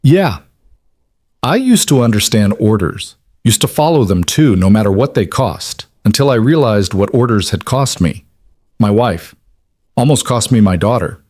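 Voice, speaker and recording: A quiet, steely single dad, read by a man with a low voice and a flat, cold delivery. The sound is close and dry. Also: moderate pace, dry recording. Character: protective single-dad janitor, cold and steady.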